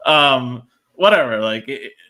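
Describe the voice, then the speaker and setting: A man's voice: mid-range voice, slow. A man co-hosting a podcast, telling a long casual story and acting out the dialogue in it. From Puerto Rico. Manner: animated, acts out quoted dialogue. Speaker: podcast co-host.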